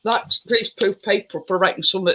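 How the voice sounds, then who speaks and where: A man with a high, bright voice chats away as he bakes in his home kitchen, drifting easily from one subject to another. His talk is loose and rambling, with a faint hiss in the background. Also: fairly even intonation, brisk, rough recording. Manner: rambling, chatty, easily distracted. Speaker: home baking vlogger. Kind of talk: casual chat while baking.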